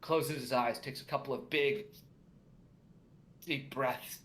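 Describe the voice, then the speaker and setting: A man's voice: medium pitch, fairly even intonation, slow pace, a bit bright. A man narrating a tabletop game as game master, hesitant and full of fillers.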